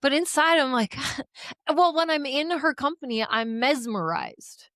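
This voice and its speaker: A woman's voice: high-pitched, expressive, unhurried, a bit bright, dry recording. A woman co-hosting a podcast, telling a story in casual chat, acting out the dialogue, swearing and laughing often. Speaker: podcast co-host.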